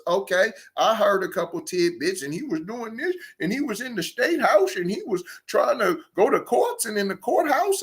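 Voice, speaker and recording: A man giving a heated commentary rant, mocking and firing off rhetorical questions, often stammering and restarting as he picks his words. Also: high voice. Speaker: online commentator.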